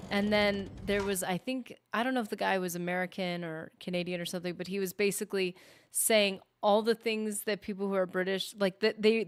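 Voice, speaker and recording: Streaming a game, a woman casually jokes around and teases her chat. Her mid-range voice has a fairly bright tone, with a little hiss or hum in the recording.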